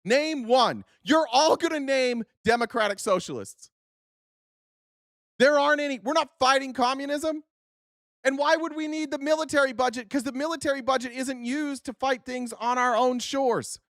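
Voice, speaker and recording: A woman's voice: high voice, moderate pace, a bit bright, no echo, studio quality. A woman hosting a live political stream, heated, sarcastic and profane.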